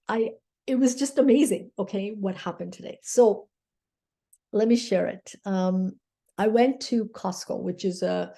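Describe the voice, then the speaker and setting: A woman who works as a mindset coach shares a personal story, her medium-pitched voice mellow with some vocal fry. She sounds earnest and grateful, frequently checking in with listeners by asking "okay?"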